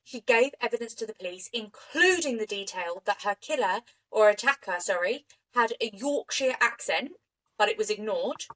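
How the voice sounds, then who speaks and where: A woman co-hosting a podcast, telling a true crime story in an animated, indignant way. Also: medium pitch, moderate pace, low-quality recording. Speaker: podcast co-host.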